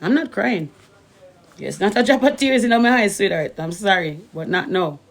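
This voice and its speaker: A woman's voice: medium pitch, expressive, moderate pace, creaky. Emphatic Jamaican woman ranting on a stream. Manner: emphatic, repeats "you understand" often. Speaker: social media streamer. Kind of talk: casual live-stream rant.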